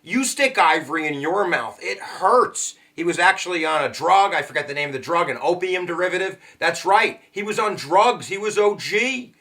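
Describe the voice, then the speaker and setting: A man teaching a casual history lesson, joking and slangy with quick asides. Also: sits high. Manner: jokey, slangy and animated, with sudden asides.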